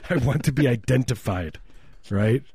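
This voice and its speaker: A man's voice: medium pitch, expressive, moderate pace, mellow, husky, dry recording. A man co-hosting a comedy podcast, rambling through absurd jokes in casual banter. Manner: rambling absurd riffing, frequent laughs.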